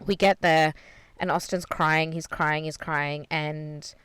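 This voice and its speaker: A woman's voice: deep voice, steady tone, slow, fairly bright tone, smooth, no echo. A woman podcast co-host telling a story in casual chat, swearing freely and retelling things with energy, recorded inside a parked car.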